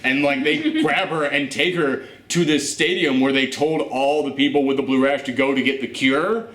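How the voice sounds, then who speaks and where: Animated, profane male movie reactor. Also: mid-range voice, moderate pace. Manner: animated, profane, laughing often. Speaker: host of a movie reaction show. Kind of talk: casual movie reaction chat. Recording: roomy echo.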